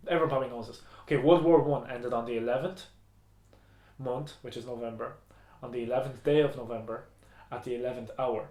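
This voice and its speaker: Brisk and steady, this young man's medium-pitched voice has a dark tone as he co-hosts a podcast. The casual conversation is rambling, full of swearing and laughter, recorded in an echoey room.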